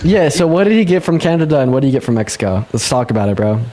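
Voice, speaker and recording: A young man hosts a casual livestream debate in a quick, loose way. He laughs often, swears freely and his voice leaps sharply upward whenever he gets excited. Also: slight background noise. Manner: fast, laughing, swears a lot, jumps high in pitch when excited. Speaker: livestream host.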